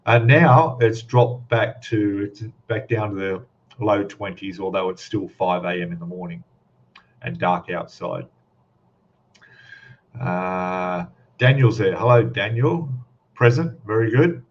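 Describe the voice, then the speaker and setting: A man's voice: deep voice, slow, muffled recording, slight background noise. A man with an Australian accent hosting a casual live stream, chatting and greeting viewers by name with plenty of fillers.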